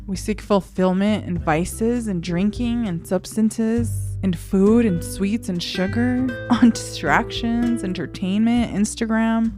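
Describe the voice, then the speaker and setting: A woman hosting her own podcast, talking in a heartfelt, emotional way and laughing often. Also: medium pitch. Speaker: podcast host. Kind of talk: solo podcast monologue.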